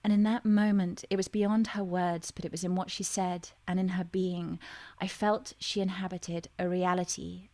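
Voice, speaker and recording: A woman's voice: on the low side, level tone, dark tone, no echo. Reflective woman telling her story. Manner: reflective and searching, with many pauses and restarts. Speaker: guest. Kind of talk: personal storytelling in a radio interview.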